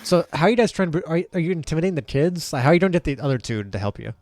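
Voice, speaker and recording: A man's voice: a little high, lively intonation, rapid-fire, a little mellow, no echo. A young man running a tabletop game as game master, narrating hesitantly with many restarts. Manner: hesitant, filler-heavy narration.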